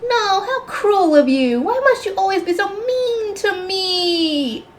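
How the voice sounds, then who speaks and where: A woman's voice: extremely high pitch, animated, slow, a little hiss or hum, voice pushed up, heavily acted. A woman voicing a manipulative young half-sister who pleads in a tearful, sugary way. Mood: whiny.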